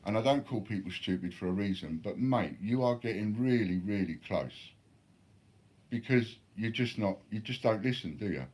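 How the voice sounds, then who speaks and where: A man's voice: lowish voice, moderate pace, a little mellow. A man replying bluntly to viewer chat during a live stream, swearing freely.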